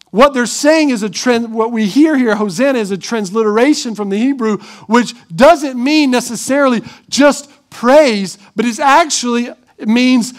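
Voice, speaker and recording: A man preaching a sermon as pastor, animated, acting out crowd shouts in a raised voice. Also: very high voice.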